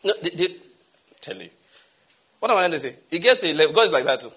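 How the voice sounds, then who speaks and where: Husky, animated male preacher. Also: a little high, quick pace. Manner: animated, swings from loud exclamation to soft asides. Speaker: pastor. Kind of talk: sermon.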